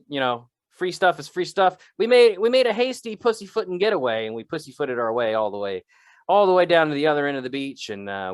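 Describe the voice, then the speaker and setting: A man co-hosting an improvised comedy podcast, rambling and joking with big swings in pitch. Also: clean tone, no room sound, clean studio sound. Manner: rambling, jokey, shifts pitch a lot. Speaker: podcast co-host.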